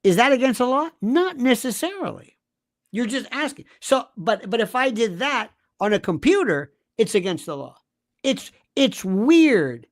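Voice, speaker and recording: Animated man arguing with rhetorical questions. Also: very high-pitched. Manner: emphatic, rhetorical questions, acts out quoted voices. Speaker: guest commentator. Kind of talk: animated conversational argument.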